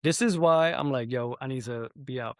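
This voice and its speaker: A young man hosting a podcast, telling an animated, profanity-heavy story in casual chat. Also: mid-range voice, normal speed, dry recording. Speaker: podcast host.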